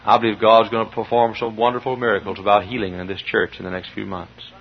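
A middle-aged man preaching a fervent sermon in a church, dropping to low murmurs and then rising to shouted peaks. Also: little pitch movement, quick pace, gravelly, breathy edge. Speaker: pastor. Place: church sanctuary. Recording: dull lo-fi sermon recording.

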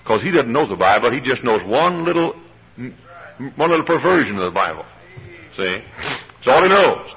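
Husky animated old-time preacher man. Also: mid-range voice, moderate pace, pauses often, lo-fi sound. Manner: animated preaching with congregation call-and-response. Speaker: pastor. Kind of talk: sermon. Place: church service.

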